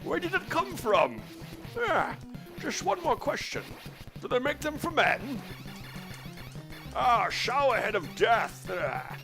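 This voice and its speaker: A man's voice: extremely high pitch, wildly swooping pitch, slow pace, pauses often, music in the background, voice pushed up, exaggerated voice, rough recording. A man putting on a drawling impression of an elderly professor father with a slurred, lispy S, rambling while playing a game. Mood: mock-dramatic. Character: gruff elderly Scottish professor father, lecturing. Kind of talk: comedic impression during a game stream.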